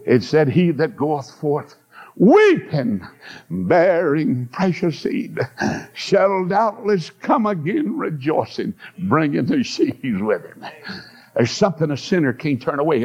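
An older male preacher delivers an impassioned sermon on a dull, lo-fi recording. His fairly high voice climbs into shouted, stretched-out cries between folksy stories. He keeps pushing his listeners with repeated calls to listen. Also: lively intonation. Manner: impassioned, swings into high shouted bursts with drawn-out words; storytelling with fillers and repeated "listen to me".

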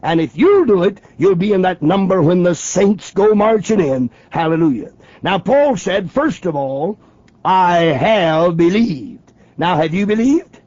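A man's voice: sits high, animated, normal speed, warm tone, slightly rough, no echo. A man preaching a radio sermon, emphatic and questioning the listener directly, on a dull lo-fi old broadcast.

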